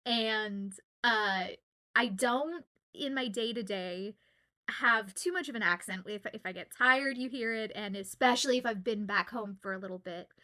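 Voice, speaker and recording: Bright-voiced chatty woman from Southwest Louisiana. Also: a little high, moderate pace. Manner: chatty and giggly, with many fillers. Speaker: voice actor signing autographs on stream. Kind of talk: casual livestream chat.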